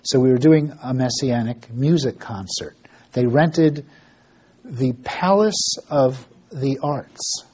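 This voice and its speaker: Man, mellow husky voice, casual ministry storyteller, halting with fillers. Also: mid-range voice, lively intonation. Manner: storytelling with frequent fillers and restarts; acts out dialogue in quoted voices. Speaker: ministry worker giving an update. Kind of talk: informal spoken ministry report.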